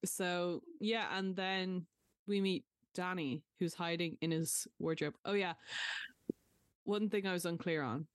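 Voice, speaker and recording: A woman's voice: on the low side, steady tone, measured pace, no echo, clean studio sound. A young woman co-hosting a podcast, chatting casually and retelling film scenes with animation. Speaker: podcast co-host.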